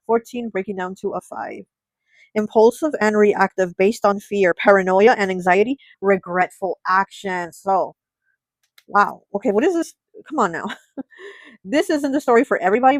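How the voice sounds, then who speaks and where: A woman reads tarot cards, thinking aloud and often breaking into surprised exclamations. Her voice sits at a medium pitch and frequently sinks to a soft, low murmur. The recording is dry, with little room sound. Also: no room sound, low-quality recording. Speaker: tarot reader. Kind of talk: pick-a-card tarot reading to camera.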